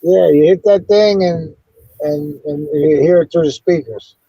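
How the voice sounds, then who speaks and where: A man's voice: a little high, unhurried, no echo, highs cut off. A middle-aged man hosting a livestream from his car on his phone, swearing and telling stories casually. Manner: gruff, swearing, storytelling. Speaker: livestream host. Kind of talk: casual chat while driving.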